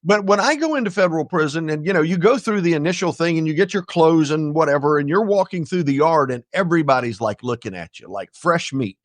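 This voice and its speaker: A man's voice: on the high side, animated, fast talker, hardly any pauses, no echo, studio quality. An older man, a podcast guest, telling a personal story with jokey, blunt asides to the listeners. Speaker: guest, ethics speaker.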